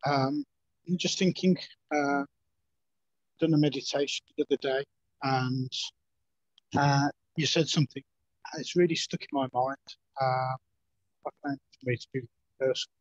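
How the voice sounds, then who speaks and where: A man in a meditation course sharing a personal reflection over a video call, earnest and halting, his voice a little hoarse. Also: mid-range voice, steady tone, no room sound. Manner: halting, many fillers and restarts, earnest. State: slightly hoarse. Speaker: course participant. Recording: dull, dry lo-fi call audio.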